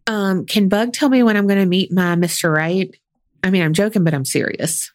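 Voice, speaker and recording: A woman's voice: medium pitch, moderate pace. A woman co-hosting a podcast, chatty and blunt, swearing casually and laughing easily. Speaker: podcast co-host. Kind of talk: casual chat.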